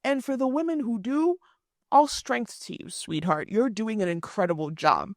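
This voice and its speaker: A young woman hosting a podcast, telling a story in a sassy, animated way with playful asides. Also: a little high, normal speed, dry recording, studio quality. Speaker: podcast host.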